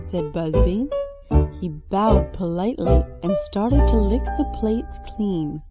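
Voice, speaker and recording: A woman, an English teacher reading a storybook aloud with expressive sound words. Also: fairly low pitch, slow. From China. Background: soft music.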